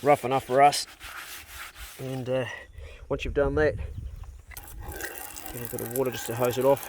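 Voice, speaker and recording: A man's voice: mid-range voice, little pitch movement, moderate pace, a little mellow, slight background noise. A middle-aged New Zealand man with a New Zealand accent, chatting casually and bluntly while filming his farm chores on a handheld phone outdoors. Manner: laid-back, chatty, blunt and joking. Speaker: vlogger. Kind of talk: casual rural vlog narration. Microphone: handheld phone or camera.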